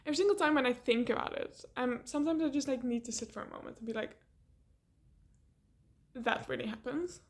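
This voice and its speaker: A young woman telling a rambling, animated story in a casual vlog, laughing often and swearing. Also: high-pitched, rapid-fire, hardly any pauses.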